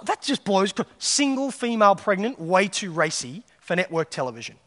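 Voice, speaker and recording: A man's voice: high voice, big pitch swings, normal speed, fairly bright tone. A man giving a conference keynote, telling stories and acting out the voices of people he quotes. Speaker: keynote speaker. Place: large hall on stage. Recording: reverberant hall.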